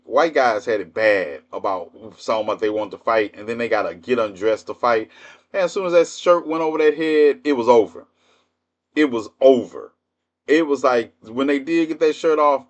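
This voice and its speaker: A man in his fifties hosting a livestream, telling stories in a blunt, profane, laughing way. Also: mid-range voice. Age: 50s. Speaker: livestream host. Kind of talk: casual storytelling monologue.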